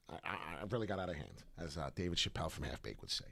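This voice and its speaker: A man hosting his own crypto channel, ranting loudly with heated swings between shouting and quieter apology. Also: low-pitched, sing-song, fast talker, gravelly, hardly any pauses. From Italian heritage. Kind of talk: ranting vlog.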